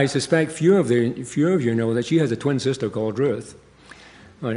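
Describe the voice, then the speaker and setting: An older man, a pastor leading prayer and reading scripture in a measured, earnest way. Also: medium pitch, mellow. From Scotland. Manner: measured, earnest, with pauses and asides.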